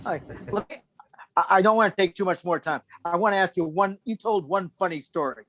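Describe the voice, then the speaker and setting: An interview moderator on a video call, asking casual questions in a halting way with many fillers. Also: mid-range voice, fairly bright tone.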